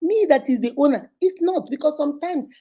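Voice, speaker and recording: A Nigerian woman with a high-pitched, mellow voice and lively intonation talks briskly as she runs a casual live advice session. She laughs often and animatedly performs phone calls.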